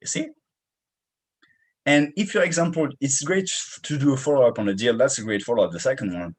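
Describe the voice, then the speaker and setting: Husky French-accented sales coach. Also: male voice, mid-range voice, brisk, low-quality recording. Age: young adult. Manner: energetic, punchy, slangy with "man". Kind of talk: motivational sales training talk.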